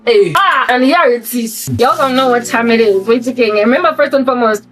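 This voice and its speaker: A South African woman vlogging to camera, delivering an animated, preachy satirical rant full of repeated rhetorical questions. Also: on the high side, fairly quick. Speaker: Christian vlogger. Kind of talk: ranting satirical monologue to camera. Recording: voice distant from mic, faint music behind.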